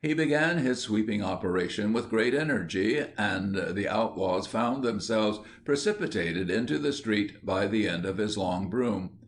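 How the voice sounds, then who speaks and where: A man narrating an audiobook in a measured storytelling manner. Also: fairly low pitch. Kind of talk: scripted narration.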